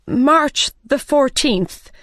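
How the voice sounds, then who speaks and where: A woman's voice: high-pitched, lively intonation, very slow, no room sound, clean studio sound, pitched above the performer's own voice, exaggerated voice. A woman doing a frightened, pleading hatter. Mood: anxious. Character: nervous, frightened adult male hatter.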